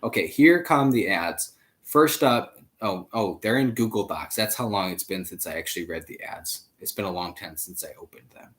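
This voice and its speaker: A male podcast host talking in a casual, rambling way with lots of fillers and sudden jumps in pitch and loudness. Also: animated, moderate pace. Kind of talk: casual chat.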